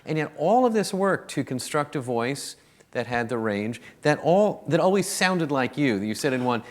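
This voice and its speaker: A man's voice: medium pitch, very animated, normal speed. A man interviewing a guest, attentive, murmuring agreement often.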